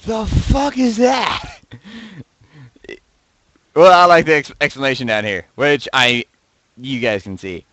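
A man casually reading and joking about viewer posts, laughing often and swinging between loud outbursts and mumbles, close to his desk mic. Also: mid-range voice, animated, slow, pauses often, no room sound, poor audio. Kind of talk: casual commentary. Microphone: desk mic right beside him.

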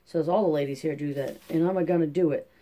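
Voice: medium pitch, fairly even intonation, fast, dark tone, lightly acted. Narrator voicing gushing young Rose of Sharon. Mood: excited. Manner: gushing, breathless country talk. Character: Rose of Sharon, an excited young pregnant woman.

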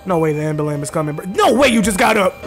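A man streaming a game with casual commentary, bragging playfully and now and then shouting at game characters. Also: sits high, lively intonation, rapid-fire, soft background music. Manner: boastful, playful trash talk. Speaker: gaming streamer. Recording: loud game sound behind voice.

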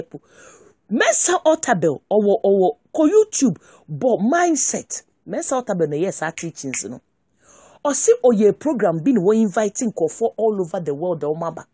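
A Ghanaian woman hosting a commentary show, ranting about politics in an animated way and mixing English with Twi. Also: medium pitch, slightly rough, dry recording. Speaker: show host.

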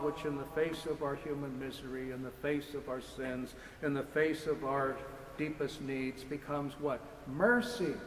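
A man, a priest giving a lecture sermon in a church, speaking with impassioned, repetitive rhetorical build-ups. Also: on the high side. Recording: echoey church hall with faint noise.

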